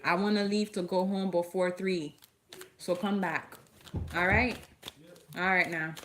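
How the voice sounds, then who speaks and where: Woman in her 30s doing a spiritual reading, kinda low voice, slow soothing affirming tone. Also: steady tone, fairly bright tone, slight background noise. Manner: soothing and affirming, calls listeners beloved. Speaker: spiritual card reader.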